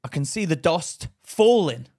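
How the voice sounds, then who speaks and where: A man's voice: a little high, animated, unhurried, darkish tone. A man co-hosting a podcast in casual chat, swearing freely and acting out his own thoughts as he tells stories. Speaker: podcast co-host.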